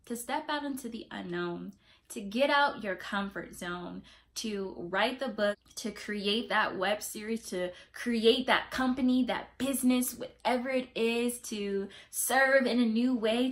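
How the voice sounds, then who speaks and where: A young adult woman vlogging in a casual, expressive way, giving faith-based encouragement with preacher-like emphasis. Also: fairly high pitch, unhurried. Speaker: YouTube vlogger.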